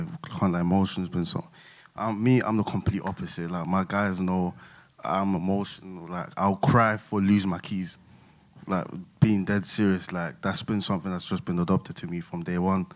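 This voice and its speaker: Man, London accent, low voice, candid panel guest, lots of "like". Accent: London English. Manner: open, candid, fillers "like". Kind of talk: casual personal testimony.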